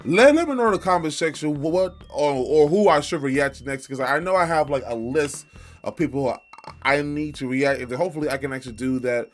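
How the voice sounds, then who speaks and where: A man's voice: on the high side, fairly quick, faint music behind. A man hosting a reaction video, chatting casually and laughing along with a comedy special. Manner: laid-back, laughs along, repeats punchlines.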